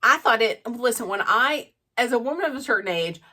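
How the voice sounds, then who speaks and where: A middle-aged woman chatting through a gossipy, animated recap of a reality show. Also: on the high side, fairly quick. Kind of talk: casual recap chat.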